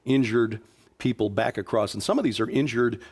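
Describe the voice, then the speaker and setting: A man hosting an interview, asking and agreeing in a brisk, casual way. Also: medium pitch, darkish tone, husky. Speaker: host.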